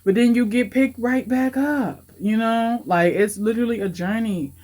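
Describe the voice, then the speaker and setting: A woman's voice: on the high side, normal speed, a little mellow. A woman in her late twenties giving an emotional, heartfelt life update in her vlog, talking in a casual, confiding way. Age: late 20s. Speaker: vlogger.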